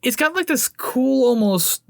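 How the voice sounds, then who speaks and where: A man's voice: extremely high pitch, animated, unhurried, vocal fry, dry recording, clean studio sound. A man co-hosting a podcast, talking through an album in a rambling, joking way with lots of fillers. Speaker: podcast co-host. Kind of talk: casual album review chat.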